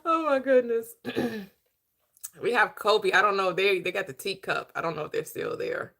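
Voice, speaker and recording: A woman's voice: mid-range voice, lively intonation, moderate pace, fairly bright tone. A middle-aged woman hosting a casual livestream chat, giggly and chatting with her viewers. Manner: giggly, laughs often, talks to viewers. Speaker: host.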